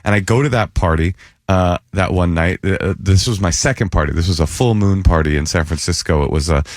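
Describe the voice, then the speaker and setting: A man with a lowish voice spins a rambling comic story as a guest on a radio show, speaking into a studio mic. He gets animated and leaps way up in pitch when he mimics what people said. The sound is close and dry. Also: brisk, no echo. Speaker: comedian guest.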